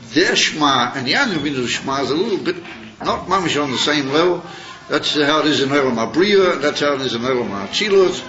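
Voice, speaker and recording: A man teaches a Torah class in a chatty, searching way, often reaching for a word and mixing in Hebrew and Yiddish terms. His voice is fairly high and very bright. The recording sounds dull and lo-fi, with a faint hiss behind him.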